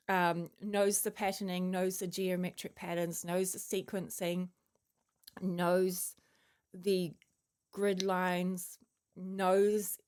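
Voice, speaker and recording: Woman, casual spiritual monologue, rambling, lots of um and like, chewing a mint. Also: medium pitch. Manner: rambling, filler-heavy, musing; chewing a mint while talking. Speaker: channeler sharing spiritual messages.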